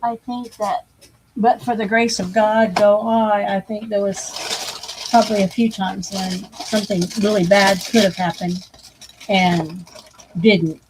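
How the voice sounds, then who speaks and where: A woman's voice: mid-range voice, steady tone, a little slow, background noise. A woman co-hosting a casual chat, making earnest, reflective remarks. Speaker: co-host of a crafting livestream.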